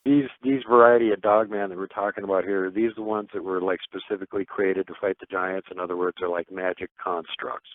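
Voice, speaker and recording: A man with a very low voice hosts a radio talk show and chats in a casual way. His voice comes through thin and dry, like a phone line. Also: fairly even intonation, a little fast, hardly any pauses, no echo. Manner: brief agreeing replies, plain questions. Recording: tinny phone-like sound.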